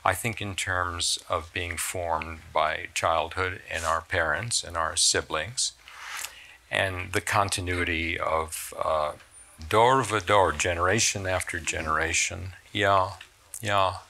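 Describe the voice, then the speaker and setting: An older man, a surgeon and author, being interviewed on stage, telling stories in an animated, reflective way. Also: sits low, takes it slowly, vocal fry. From United States. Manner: storytelling, animated, lively swings in loudness. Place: stage talk at a cultural center.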